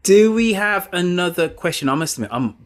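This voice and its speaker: Hosting a live quiz over a video call, a man with a high, animated voice talks a little fast, joking with guests. He reads the answer options aloud, repeating them as he goes.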